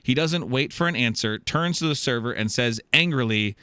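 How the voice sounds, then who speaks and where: A man's voice: medium pitch, normal speed, smooth, no echo. A man hosting a comedy podcast, reading a listener's story aloud with joking asides and laughter. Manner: animated, laughing, jokey interjections. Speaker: podcast host.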